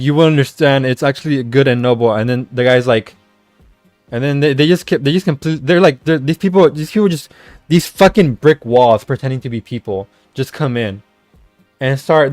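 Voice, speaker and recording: A man's voice: mid-range voice, no echo. A man ranting in casual chat, rambling with many stammered restarts and casual swearing. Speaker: streamer. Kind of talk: casual rant.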